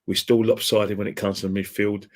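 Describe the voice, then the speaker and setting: Casually chatting on a podcast, a man who follows football rambles, states his opinions, and laughs at his own jokes. His lowish voice has a darkish tone, little pitch movement, and a moderate pace.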